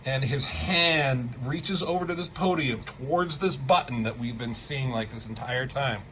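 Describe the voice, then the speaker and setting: Excitable man recapping comics, bright voice. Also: medium pitch, slight background noise. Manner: loose and excitable, acts out characters' lines in quick bursts, swears freely. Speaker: comic book reviewer.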